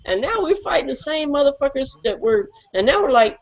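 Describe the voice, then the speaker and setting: Mocking, laughing speaker, wildly swinging pitch. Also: big pitch swings, a little fast, vocal fry, muffled recording, slight background noise. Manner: laughing often, mocking, swearing. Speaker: podcast co-host. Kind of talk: profane political rant.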